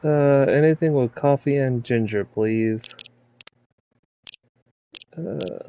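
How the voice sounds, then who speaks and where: A man's voice: mid-range voice, takes it slowly, gravelly, mellow, poor audio. A man playing through a story game and reading every character's lines aloud, mostly in his own voice. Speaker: game player voicing the characters. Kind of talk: playthrough voice acting.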